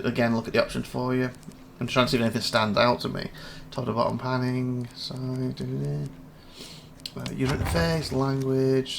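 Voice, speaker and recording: A man's voice: mid-range voice, gravelly, background noise. A man casually commentating a game demo, rambling and thinking aloud as he reads through menus. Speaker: gaming channel host. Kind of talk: casual let's-play commentary. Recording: voice over loud game music.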